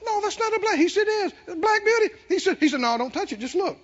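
A man's voice: very high-pitched, fast, heavy background noise. A man preaching a sermon, telling a story with laughter and calling out to the congregation. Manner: animated, calls out to the congregation, laughs while telling. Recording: dull lo-fi sermon recording.

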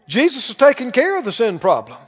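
High-voiced preacher in a reverberant hall. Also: male voice, huge pitch swings, brisk, breathy edge. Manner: preaching with rhetorical questions to the congregation. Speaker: pastor. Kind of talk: sermon. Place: large church hall. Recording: dull reverberant church recording.

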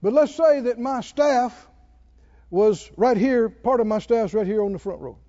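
A man preaching a sermon in a playful, chuckling way that builds to shouted calls to the congregation. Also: very high voice, unhurried, highs cut off.

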